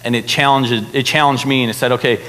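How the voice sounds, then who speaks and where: A man's voice: mid-range voice, fast. Casual young man preaching in a reverberant hall. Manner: casual, animated preaching with many fillers. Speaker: pastor. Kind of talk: sermon. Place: church hall.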